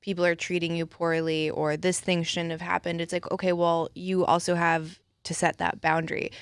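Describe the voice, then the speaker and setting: A woman's voice: on the low side, little pitch movement, moderate pace, clean tone, no echo, studio quality. A woman co-hosting a podcast, talking casually and frankly, with many "like" fillers. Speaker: podcast co-host.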